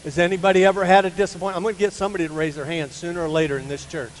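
Older guy pastor telling his story from the pulpit, pretty high voice, gets loud and punchy, echoey church hall. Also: rapid-fire, hardly any pauses. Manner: animated, rising to loud emphatic peaks. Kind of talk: sermon storytelling. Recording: hall reverb with faint hum.

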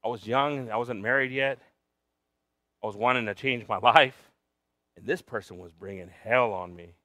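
In a studio-quality recording with no echo, a medium-pitched pastor preaches at a normal pace, telling a personal story. His volume swings widely between shouting and near whispering, and he occasionally speaks Spanish to the congregation.

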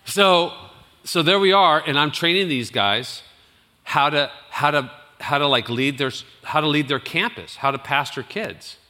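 A man who is a youth pastor, telling a story in a sermon, animated and rambling, with restarts and laughs. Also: on the high side, measured pace, long reverb tail.

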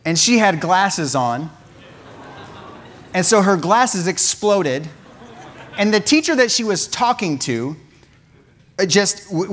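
Animated man telling a sermon story. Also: high voice. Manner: animated, laughing at his own story. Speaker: pastor. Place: church sanctuary.

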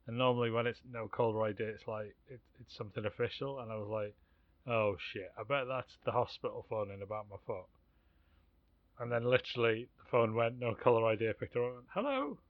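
Man, from Wales, casual storytelling, animated, dry and dull recording. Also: medium pitch, fairly quick, no echo. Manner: animated anecdote telling, acts out both sides of a call.

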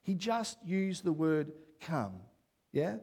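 Man, pastor preaching, gravelly, husky voice, a little high, rises to loud excited stretches. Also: slow pace. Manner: builds to loud excited preaching, asks "yeah?" often. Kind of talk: sermon.

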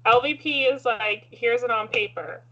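A woman co-hosting a casual chat show, rambling excitedly with lots of filler words. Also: fairly high pitch, normal speed, muffled recording. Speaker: podcast co-host. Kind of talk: casual chat about reality TV.

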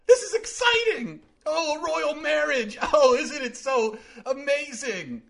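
A man voicing a giddy, gushing fan who is crazy about royals, in a high squealing voice. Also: animated, unhurried, gravelly, fairly bright tone, exaggerated voice.

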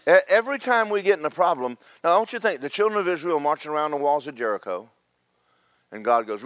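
A man's voice: a little high, animated, fast talker, a bit bright, dry recording. A man preaching a sermon, telling Bible stories in a folksy, joking way with voices for the characters. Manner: folksy storytelling with comic voices.

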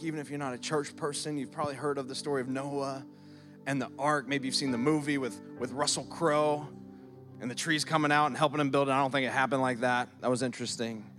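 A man in his thirties or forties, a pastor preaching a sermon in a lively, conversational way, using props and acting out prayers. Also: on the high side. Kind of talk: sermon with object lessons. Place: church service.

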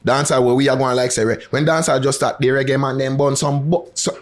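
A man's voice: mid-range voice, little pitch movement, fast. A man with a Jamaican accent, a guest on a casual podcast interview, mixing patois and English and repeating words as he talks. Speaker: guest dancehall artist.

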